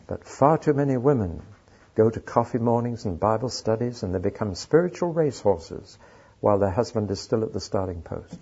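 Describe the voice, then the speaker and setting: A man's voice: fairly low pitch, expressive, fairly quick, mellow, breathy edge. A man preaching a sermon, telling stories with dry humor. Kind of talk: sermon with anecdotes. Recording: dull lo-fi recording.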